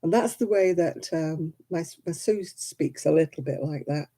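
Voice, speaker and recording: A woman with a Lancashire accent chats on her live crafting stream, answering viewers as she works. Her voice is mellow and warm. She laughs easily and keeps the talk relaxed. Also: low-pitched, normal speed. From Oldham, England. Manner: chatty, answers viewer comments, laughs often. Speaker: crochet vlogger. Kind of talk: casual live-stream chat while crafting.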